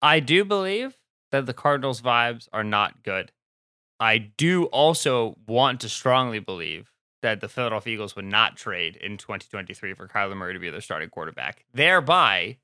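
A man's voice: fairly low pitch, expressive, normal speed, pushed and bright, clear, resonant tone, no echo, studio quality. A man co-hosting a football podcast, giving wry, mock-emphatic opinions in casual chat.

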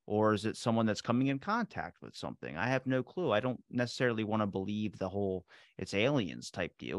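A man's voice: lowish voice, dry recording, clean studio sound. A man hosting a podcast, chatting casually and wandering off on tangents. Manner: rambling, jumps between tangents. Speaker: podcast host. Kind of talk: casual conversational interview.

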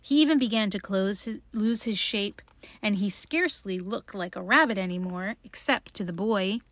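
A woman reads a children's storybook aloud, gentle and unhurried. Her voice sits at an ordinary pitch for a woman. The sound is dry and close, with no room echo.

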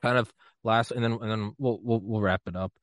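Hosting a casual interview podcast, a man from the US talks fairly quickly in a lowish voice with fairly even intonation, rambling, poking fun at himself, and laughing a lot. There's no room sound in the recording.

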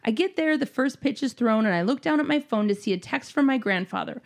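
Young woman reading out a story, dry sarcastic delivery, kinda high voice. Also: animated, quick pace, creaky.

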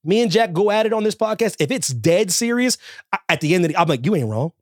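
A high-pitched man on a podcast with a voice that swings widely up and down as he rants. He is emphatic and repeats himself, and he breaks into exaggerated quotes of other people. The recording is dry and close. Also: lively intonation, fast talker, no room sound. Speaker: podcast co-host. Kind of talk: casual chat.

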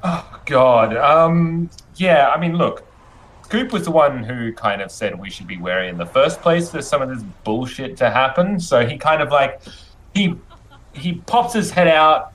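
A man's voice: medium pitch, lively intonation, unhurried, fairly bright tone. A man playing a tabletop game, describing his character's moves hesitantly with many fillers. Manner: hesitant, filler-heavy narration. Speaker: player. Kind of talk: casual tabletop play.

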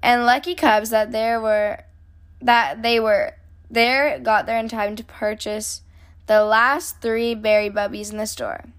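A woman hosting a kids' story channel, reading a children's picture book aloud in a gentle, clear storytelling manner. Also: a little high, level tone, a little slow. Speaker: host, storybook reader.

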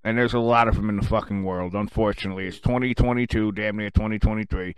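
A man hosting his own radio show, delivering an angry, sarcastic rant full of cursing, swinging between low muttering and loud outbursts. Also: fairly even intonation, fast talker, smooth, no room sound. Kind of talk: profane rant.

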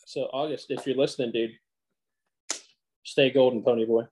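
A man co-hosting a podcast in excitable, profane casual chat, calling everyone "dude.". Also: mid-range voice, normal speed, a little hiss or hum. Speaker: podcast co-host.

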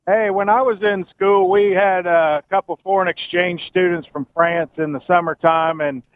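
A man with a high voice calls in to talk radio to spin a joke. He sounds thin and boxy over a phone line. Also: steady tone, moderate pace, dry recording. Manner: joke-telling. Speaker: caller.

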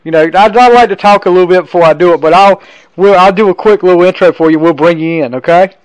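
A man's voice: high voice, fast, clean tone, no echo, low-quality recording. A man hosting a podcast from home, talking eagerly in casual interview style with frequent restarts. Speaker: podcast host. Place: home in a tiny town.

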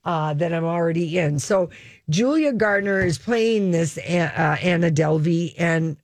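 A woman's voice: fairly low pitch, animated, unhurried, darkish tone, no room sound. Chatty woman co-host, dry studio sound. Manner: chatty, trails off and restarts mid-sentence. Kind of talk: casual entertainment chat.

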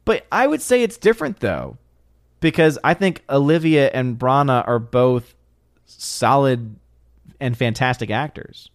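A man hosts a live stream and chats through viewer comments in a loose, thinking-aloud way, with restarts and small laughs. His voice sits at a middle pitch. The sound is close and dry, with no room echo. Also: lively intonation, unhurried. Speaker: live stream host reading chat. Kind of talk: casual live stream chat.

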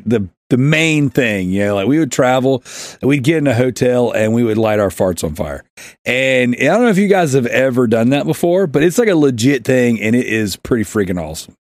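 With lots of laughter, a male podcast host rambles through a funny story, acting out quotes by shouting them in a casual storytelling chat. His medium-pitched voice is recorded at studio quality with no room sound.

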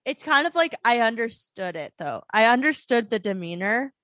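This is a woman in her twenties from the US South, chatting on her podcast. She talks in a fairly high voice, tells stories with lots of laughter and swearing, and sounds dry and close to the mic. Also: normal speed, no echo. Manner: animated, swearing, laughing storyteller. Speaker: podcast host. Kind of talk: casual chat.

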